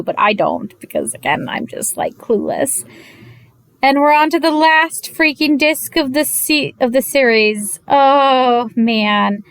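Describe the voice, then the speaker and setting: A woman giving a casual, animated recap of an anime episode, gushing and exasperated by turns, slipping into quick quoted voices of the characters. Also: on the high side, clean tone, dry recording. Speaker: anime reviewer.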